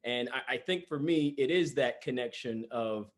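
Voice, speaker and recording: A male interviewer chats casually with his guest, leaning on little fillers as he frames his questions. His voice sits at an ordinary middle pitch. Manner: conversational, fills pauses with "uh" and "you know".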